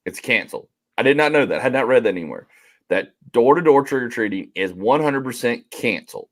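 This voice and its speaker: A man's voice: medium pitch, expressive, brisk. A man, hosting a casual podcast chat and rambling through stories. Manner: rambling, chatty, reads out listener comments. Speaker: podcast host.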